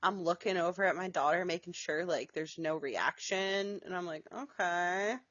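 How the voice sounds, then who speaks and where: A woman co-hosting a podcast in casual chat, relaxed, with quick agreeing replies. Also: on the low side, no room sound. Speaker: podcast co-host. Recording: dry muffled lo-fi recording.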